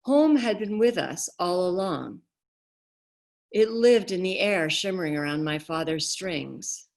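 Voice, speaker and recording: A woman author reading her novel aloud in a measured, expressive way over a video call. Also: lowish voice, gravelly.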